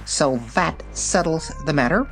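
A man voicing a pompous male white rabbit gatekeeper in a storybook, sharp and officious. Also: fairly high pitch, lively intonation, measured pace, soft background music, voice pushed up.

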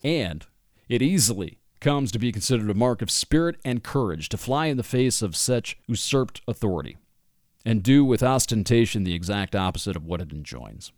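A man's voice: fairly low pitch, expressive, moderate pace, darkish tone, no echo, clean studio sound. A man delivering an opinionated monologue, reading passages aloud from a book and breaking in with sarcastic asides and laughs.

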